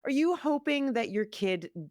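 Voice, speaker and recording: Casting: woman, middle-aged, podcast host, frank and quick to laugh, dry sound. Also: high-pitched, lively intonation, a little mellow, no echo. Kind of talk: casual chat.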